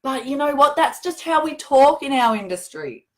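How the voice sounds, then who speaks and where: A woman's voice: sits high, expressive, moderate pace. A middle-aged woman hosting a show, talking earnestly and conversationally to camera, with emphatic repetition. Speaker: host answering viewer questions. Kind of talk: casual direct-to-camera talk.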